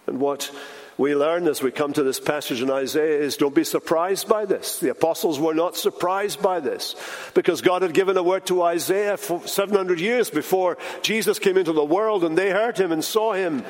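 A man preaching a sermon as pastor, emphatic, slowing down and dropping his voice for weight. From Britain. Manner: emphatic, with dramatic slowdowns and drops in pitch. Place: large church sanctuary. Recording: church hall reverb.

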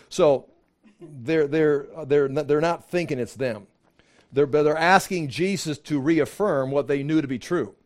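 A man teaching a Bible study class in a relaxed, conversational way, often restarting his sentences and acting out quotes. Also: on the high side, fairly quick.

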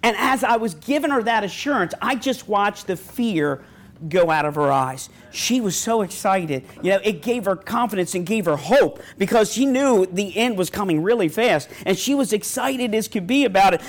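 Middle-aged man, pastor, high voice, folksy sermon delivery with scripture quotes. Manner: folksy storytelling preacher, quotes scripture, stammers on restarts.

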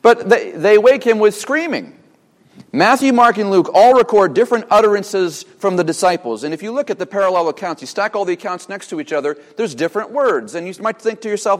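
A man's voice: high voice, lively intonation, fairly quick, in a large hall. A young man preaching a sermon from the pulpit, asking the congregation rhetorical questions. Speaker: pastor. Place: church sanctuary.

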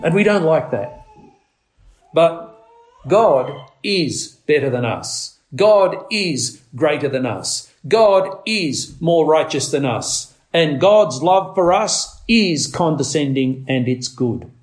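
A man preaching a sermon, leaning on words slowly for emphasis and climbing to urgent, raised passages. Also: expressive. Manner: preaching with slow emphatic stresses, rising to urgent highs.

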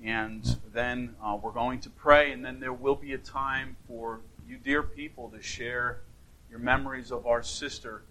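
A male pastor giving an earnest memorial sermon in a church sanctuary, speaking gently with frequent restarts. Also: mid-range voice, steady tone, a little slow, low-quality recording.

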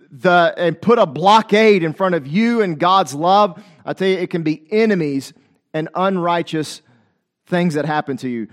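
A man preaching a sermon with passion, talking straight to his listeners and acting out scripture voices. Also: high voice. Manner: impassioned, calls out to listeners, quotes scripture in dramatic voices.

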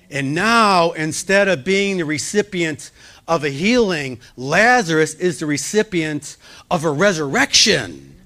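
A male pastor preaching a sermon, lifting his voice for quoted pleas and dropping it soft and low to comfort.

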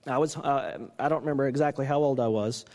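A man, a pastor, preaching a sermon in an animated way, acting out the people he quotes. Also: medium pitch, fast talker, long reverb tail. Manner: animated, acts out quoted coaches with rising voice.

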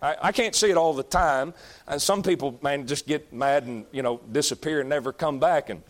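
A man's voice: on the high side, a little fast. A middle-aged man, a pastor, preaching a sermon earnestly, often repeating phrases and praying aloud.

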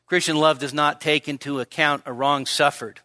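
A male pastor delivers a sermon with a bright, forceful tone set a bit high for a man. He is frank and self-mocking and drops joking asides. The sound is close and dry, with no room echo. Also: fairly even intonation, normal speed. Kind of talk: expository sermon. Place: church service.

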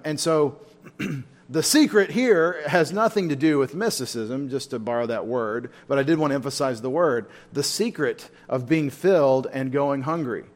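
A man teaching a Bible study in a church, talking informally and asking his listeners questions. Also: mid-range voice. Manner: informal, asks the room questions.

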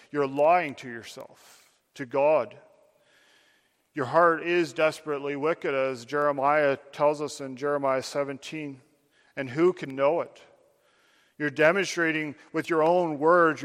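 A man's voice: on the high side, a bit bright, big-room sound. A man preaching a sermon, addressing his listeners directly with earnest, building emphasis.

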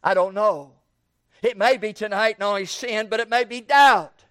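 A man preaching an evening sermon in a folksy way, repeating words and building up to shouted questions. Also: high-pitched, moderate pace, no room sound, clean studio sound.

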